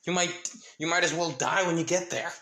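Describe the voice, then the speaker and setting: A man's voice: a little high, a little fast, pushed and bright, voice pushed up. A man voicing a blunt, protective young male hero who dryly scolds his friend, in a fan-made story reading. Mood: scolding.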